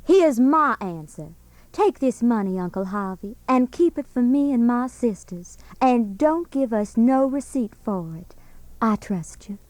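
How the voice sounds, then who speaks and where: A woman's voice: fairly high pitch, animated, a little slow, a little mellow, dry recording. An actress playing an earnest, trusting young woman who speaks sincerely and firmly in a radio drama. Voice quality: sincere, firm.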